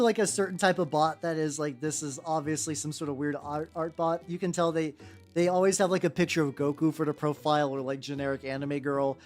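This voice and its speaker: Streamer, mid-pitched, rambly live-stream chatter over faint background music, loose and unscripted. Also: darkish tone. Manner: rambling, many fillers and self-restarts. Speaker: miniature painting streamer. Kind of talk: casual live-stream chat while painting.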